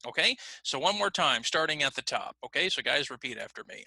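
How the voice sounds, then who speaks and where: Bright-voiced patient male teacher. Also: fairly high pitch, lively intonation, gravelly, no echo. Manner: patient, repeats "again", models phrases slowly. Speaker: ESL teacher. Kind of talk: online pronunciation lesson.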